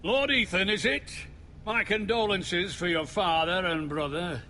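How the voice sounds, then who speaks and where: An actor playing a hostile, foul-mouthed lord in a video game, shouting and swearing. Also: male voice, sits high, measured pace, slight background noise. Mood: sneering. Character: hostile, foul-mouthed northern lord, middle-aged man.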